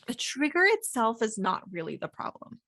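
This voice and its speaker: A woman's voice: on the high side, big pitch swings, moderate pace, pushed and bright. A woman hosting a solo coaching podcast, talking casually with many fillers and acting out inner thoughts. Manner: chatty, lots of "like" fillers, acts out inner voices.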